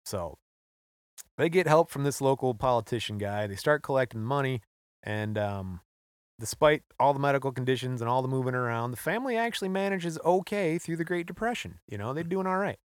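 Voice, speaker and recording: A man co-hosting a podcast, relaxed as he recounts a history story and laughing often. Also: medium pitch, fairly quick, no room sound, studio quality. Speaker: podcast co-host. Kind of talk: casual storytelling chat.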